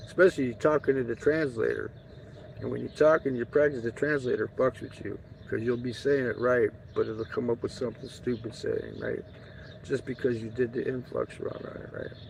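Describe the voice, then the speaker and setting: With faint outdoor noise in dull lo-fi audio, this man speaks a little fast at medium pitch, fairly even in intonation and with vocal fry. He's a travel vlogger whose casual, rambling talk is full of profanity, jokes, and digressions.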